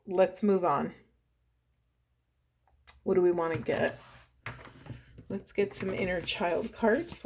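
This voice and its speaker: A woman, a spiritual coach, doing an oracle card reading to camera in a soft, earnest, heartfelt way that turns tearful. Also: fairly low pitch, a little hiss or hum.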